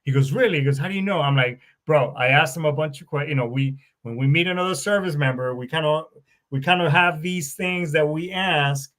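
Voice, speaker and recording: A middle-aged American man hosting a podcast, telling stories in a profane, animated way and acting out both sides of conversations. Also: a little high, fairly quick. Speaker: podcast host. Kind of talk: casual storytelling monologue.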